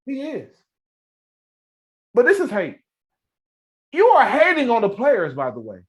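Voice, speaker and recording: A man's voice: very high voice, wildly swooping pitch, a little slow. A man co-hosting a sports podcast over a video call, talking in a heated, emphatic way and repeating phrases. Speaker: podcast co-host. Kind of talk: casual sports talk.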